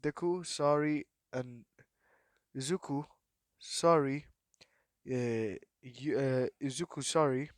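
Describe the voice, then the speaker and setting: Male storyteller, off-the-cuff and halting, mid-range voice, dry close recording. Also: medium pitch, no room sound. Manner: halting, full of fillers and repeated "then what?". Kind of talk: rambling improvised fan story retelling.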